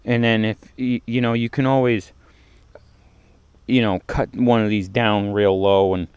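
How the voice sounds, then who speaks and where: Tradesman host, casual rambling explainer, smooth clear voice, close dry sound outdoors. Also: fairly low pitch, level tone, a little slow, darkish tone, no echo, highs cut off. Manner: chatty, rambling, explains as he goes. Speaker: septic installer. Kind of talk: casual on-site vlog narration. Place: outdoors at a hillside job site.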